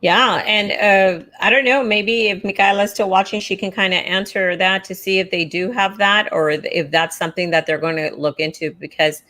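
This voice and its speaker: A woman's voice: mid-range voice, steady tone, normal speed, hardly any pauses, bright, forceful tone. A woman co-hosting an educators' livestream in casual chat, agreeable and talking in loose starts with many fillers.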